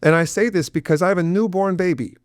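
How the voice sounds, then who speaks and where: A man's voice: sits high, quick pace, dry recording, clean studio sound. A middle-aged man, a guest father, talking earnestly and emotionally about his son, with many restarts and fillers. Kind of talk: emotional personal interview.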